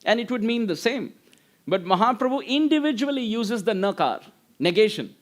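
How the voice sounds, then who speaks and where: A man's voice: high-pitched, lively intonation, normal speed. A man giving a devotional lecture, telling stories with acted-out voices and chanting Sanskrit verses. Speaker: preacher.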